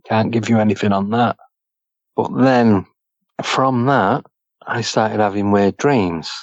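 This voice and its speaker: A man from Manchester, recounting a personal experience as a podcast guest in halting, clipped fragments. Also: lowish voice, no echo, lo-fi sound. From Manchester, England.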